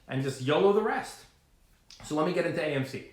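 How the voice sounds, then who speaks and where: A man vlogging to camera about trading, talking in a rambling, animated way full of fillers and asides. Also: on the high side, fast talker, reverberant. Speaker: finance vlogger. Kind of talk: casual talking-to-camera rant.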